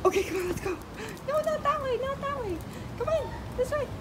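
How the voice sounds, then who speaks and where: A young woman coaxing her dog in a high, sing-song voice, repeating short commands. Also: expressive, fairly quick, heavy background noise. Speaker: dog owner. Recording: music playing behind.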